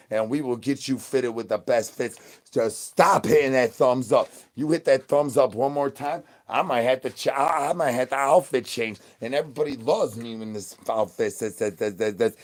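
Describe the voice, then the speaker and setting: Young man, goofy slangy streamer, rambles nonsense, mid-pitched voice, hype then mumbly. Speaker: streamer in costume. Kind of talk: rambling improvised livestream banter.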